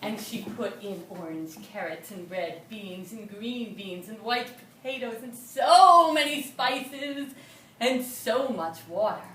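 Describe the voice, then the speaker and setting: A woman tells a folk tale live to an audience, rhythmic and expressive, leaning on repetition. Her voice sits fairly high and rings through a roomy venue, picked up from a distance over faint room noise. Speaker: storyteller. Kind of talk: live oral storytelling. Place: storytelling venue before an audience.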